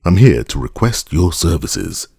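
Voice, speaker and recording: Jovial old pirate captain, gruff and hearty, very deep and gravelly, as a male narrator puts him on. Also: big pitch swings, a little slow, darkish tone, dry recording, studio quality, heavily acted.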